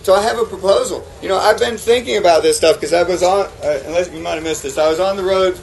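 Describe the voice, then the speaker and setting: A man's voice: high-pitched, fast talker, gravelly, a little hiss or hum, low-quality recording. A man giving a passionate talk to a live audience about farming, who keeps throwing rhetorical questions at the crowd. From New England. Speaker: farmer giving a conference talk.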